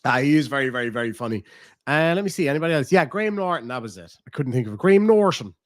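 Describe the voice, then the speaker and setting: A man's voice: medium pitch, lively intonation, racing, dry recording. Rambling Cork Irish man, dry close sound. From Ireland. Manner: rambling, swears freely, thinks aloud. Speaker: streamer. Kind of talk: casual live-stream chat.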